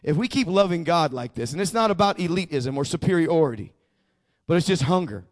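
This pastor, a man with a high voice, is expressive and brisk as he shares his sermon as personal testimony. Though he frequently stammers and restarts his words, his casual telling builds until he's pressing his points with real fervor.

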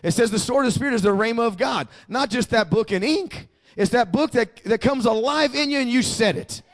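High-voiced, emphatic male preacher. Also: brisk. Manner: emphatic, with call-and-response prompts to the congregation. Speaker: pastor. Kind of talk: sermon.

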